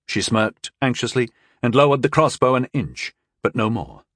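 A man narrating a fantasy novel in a measured, scripted storytelling style. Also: mid-range voice, fairly bright tone, no room sound, studio quality. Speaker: audiobook narrator.

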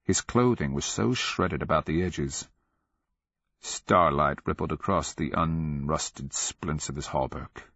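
A man narrating a dark fantasy audiobook in a measured, grave storytelling manner. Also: rumbling low, husky, dry recording, dull audio.

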